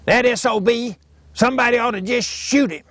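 A man's voice: very high-pitched, moderate pace, fairly bright tone, no echo, voice pushed up. A man voicing a blunt, bigoted old Southern father with an Alabama accent, coarse and indignant. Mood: scornful.

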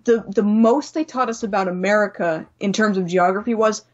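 A woman's voice: mid-range voice, brisk, few pauses, slight background noise. A young woman from Canada as a podcast guest, speaking candidly, swearing freely and voicing the people in her stories. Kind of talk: casual chat. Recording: slightly dull audio.

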